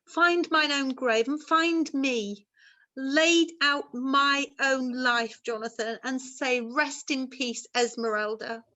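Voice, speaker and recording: A woman's voice: high-pitched, bright, forceful tone, heavily acted. A woman playing a ghostly young mother who speaks in archaic thee-and-thou language, earnest and pleading, in an amateur stage drama. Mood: sorrowful.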